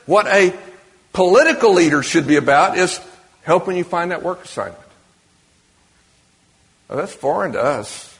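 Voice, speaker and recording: A man's voice: sits high, lively intonation, normal speed, pauses often. Man preaching in a reverberant hall. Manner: conversational, asks the audience questions. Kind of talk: sermon to a congregation. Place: church or meeting hall with an audience. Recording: long reverb of a large hall.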